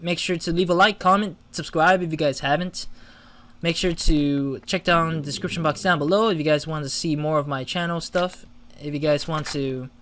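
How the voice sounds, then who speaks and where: Male let's-play host, bright and slightly high, chatty and easily flustered. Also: steady tone, normal speed, a little hiss or hum. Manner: chatty, flustered exclamations when losing. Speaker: gaming channel host. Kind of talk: casual let's-play commentary.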